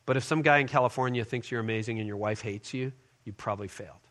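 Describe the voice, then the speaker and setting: A middle-aged male pastor gives a sermon-style leadership talk to a congregation, telling a personal story and acting out its quoted dialogue. His medium-pitched, slightly bright voice moves fast.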